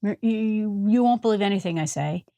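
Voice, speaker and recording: A woman with an Upper Peninsula Michigan accent voicing a calm adult male teacher who rebukes his accusers with pointed questions. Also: medium pitch, a little fast, no room sound, close to an everyday voice. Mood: weary. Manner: indignant rhetorical questions.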